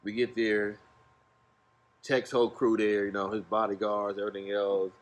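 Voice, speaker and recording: A man's voice: on the low side, flat delivery, normal speed. A man from Ohio, a music manager, telling a rambling road-trip story as a guest on a casual podcast, laid-back and full of slang.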